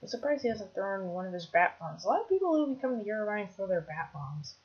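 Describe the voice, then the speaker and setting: A woman commentating her own gameplay, chatty, bursting into excited shouts when things go wrong. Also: mid-range voice, fairly quick, highs cut off. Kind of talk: Minecraft let's play commentary.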